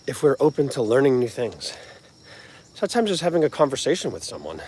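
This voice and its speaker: A man's voice: on the high side, darkish tone, breathy edge. A man with a New Jersey accent, hosting a live motivational talk in a rambling, earnest, conversational way. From New Jersey, United States. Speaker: music channel host.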